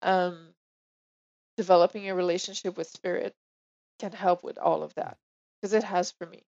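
Woman, French accent, gravelly, muffled lo-fi sound, reflective interview guest. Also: fairly low pitch, fairly even intonation, moderate pace, a little mellow. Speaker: guest medium. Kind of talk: casual interview chat.

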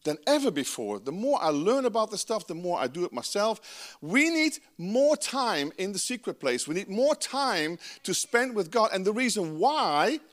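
A man's voice: high voice, big pitch swings, moderate pace. A man from the Netherlands with a Dutch accent, preaching a sermon with emphatic, conversational asides. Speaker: pastor.

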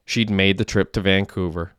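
Man reading a story, smooth and dry. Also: sits low, fairly even intonation, moderate pace, fairly bright tone, dry recording. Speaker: narrator. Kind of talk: audiobook narration.

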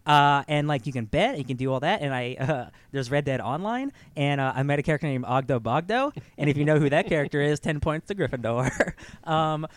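A man co-hosting a podcast in casual chat, telling stories in a rambling, animated way with many fillers. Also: on the high side, brisk, hardly any pauses, dry recording. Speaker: podcast co-host.

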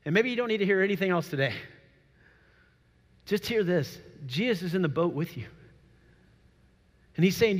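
High-voiced male preacher in a reverberant hall. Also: normal speed, long pauses. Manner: animated storytelling preaching with acted quotes. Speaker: pastor. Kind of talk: sermon.

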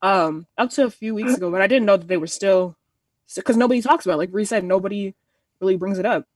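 A woman's voice: mid-range voice, fast talker, dry recording, studio quality. Earnest young woman, slightly distant mic. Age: 20s. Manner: earnest, rambling with many restarts and quoted asides. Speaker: panelist. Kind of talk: casual discussion.

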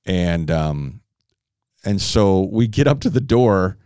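Low, animated male co-host; swears freely, rambles through anecdotes, close dry mic. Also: slow pace, smooth, dry recording. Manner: loose and profane, with filler-heavy retelling. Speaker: podcast co-host. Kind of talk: casual storytelling chat.

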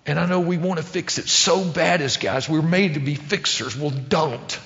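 A man's voice: on the high side, moderate pace, a bit bright. A middle-aged man giving an earnest sermon-style talk to men, telling stories with emphatic repetition. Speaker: speaker addressing men. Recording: dull lo-fi sound with long hall reverb.

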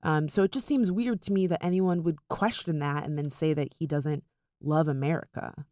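A young woman co-hosting a podcast in casual chat, animated and full of "like" fillers. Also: low voice, normal speed, no echo, studio quality. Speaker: podcast co-host.

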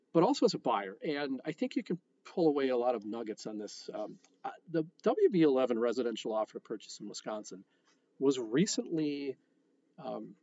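A man's voice: medium pitch, darkish tone, no echo. Frank man hosting a podcast, dull audio. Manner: conversational, frank, with frequent fillers and restarts. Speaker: real estate podcast host. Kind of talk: podcast monologue.

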